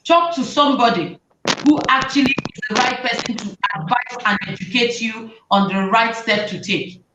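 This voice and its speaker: Animated woman host in a roomy space. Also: fairly high pitch, moderate pace, background noise. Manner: animated, acts out parents' and children's lines. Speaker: talk show host advising parents. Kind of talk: conversational advice talk. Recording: roomy, distant, dull sound.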